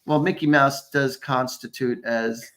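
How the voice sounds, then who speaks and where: A man's voice: medium pitch, steady tone, a little slow, fairly bright tone. A man hosting a psychic show, chatting casually and telling rambling stories with chuckles. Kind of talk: casual psychic readings chat.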